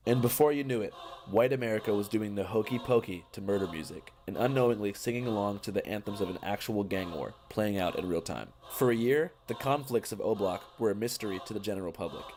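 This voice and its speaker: A man giving measured, scripted documentary narration. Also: on the low side, a little mellow, slight background noise.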